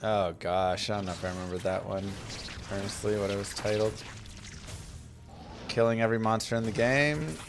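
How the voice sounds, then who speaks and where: Gravelly-voiced man streaming a game. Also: lowish voice, steady tone, normal speed, long pauses, over music. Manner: chatty, storytelling about family between game tips. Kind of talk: casual gameplay commentary.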